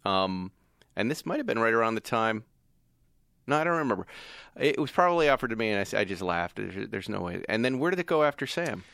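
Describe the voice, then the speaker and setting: A man hosting a casual podcast chat, telling stories and reading out details with lively energy. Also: fairly low pitch, fast, gravelly, clean tone, no echo, clean studio sound. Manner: animated storyteller, reads car specs aloud. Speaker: podcast host.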